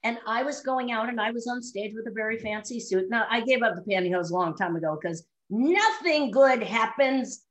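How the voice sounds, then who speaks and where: A middle-aged woman chats on a podcast, laughing freely as she tells her stories. Her voice sits a little high and bounces with energy. She talks in a casual, unscripted way. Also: moderate pace, hardly any pauses, poor audio. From Chicago area. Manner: animated storyteller, laughs often. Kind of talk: casual chat.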